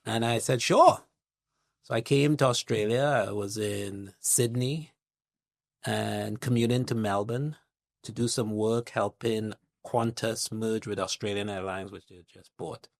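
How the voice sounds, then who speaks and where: A middle-aged man from Trinidad, a guest investor speaking in a measured, reflective interview manner, building his points with analogies and lists. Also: on the low side, steady tone, gravelly, no room sound, clean studio sound.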